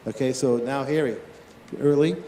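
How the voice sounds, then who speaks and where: A man teaching tennis in a live on-court demonstration, talking to his players and to watching coaches with quick, lively questions. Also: medium pitch, echoey room, slight background noise.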